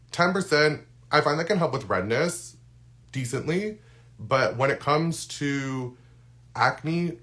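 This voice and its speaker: A skincare content creator, a man whose voice is medium in pitch and a little bright, is losing his voice as he chats casually through a live-stream unboxing. He fills it with plenty of ums and keeps restarting.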